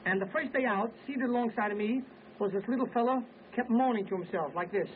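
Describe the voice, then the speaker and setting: High-voiced wisecracking vaudeville comedian man. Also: a little hiss or hum. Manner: wisecracking, brisk joke-telling patter. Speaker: comedian and singer. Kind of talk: 1920s vaudeville comic monologue. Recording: tinny early acoustic record with band. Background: orchestra music.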